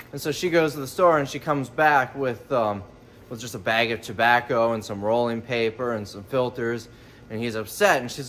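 A man's voice: fairly high pitch, normal speed, fairly bright tone, slight background noise. A man giving casual, joking commentary while unboxing items for resale, thinking aloud as he goes. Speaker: reseller vlogger.

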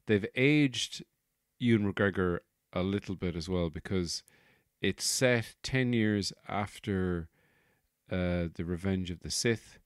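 A man's voice: low voice, slow pace, no echo, studio quality. A man hosting his own podcast, rambling through a comic monologue, correcting himself as he goes and swearing freely. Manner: digressive, self-correcting, sweary. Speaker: podcast host.

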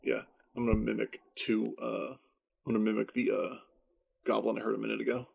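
A man's voice: fairly low pitch, completely flat delivery, fairly quick, gravelly, husky, dull audio. A man playing in a tabletop roleplaying game, talking casually and hesitantly. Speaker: player.

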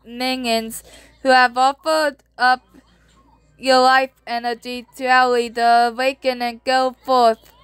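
A woman's voice: little pitch movement, clean tone, no room sound. A woman doing a gloating monster queen. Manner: booming stage laugh, slow and gloating. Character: evil female monster, gloating and cruel.

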